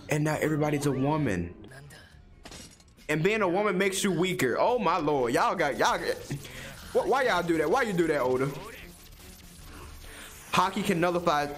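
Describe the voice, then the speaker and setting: A man's voice: fairly high pitch, expressive, measured pace, pauses often, fairly bright tone, faint music behind. A young man, reacting to an anime episode in casual, profane commentary with incredulous outbursts.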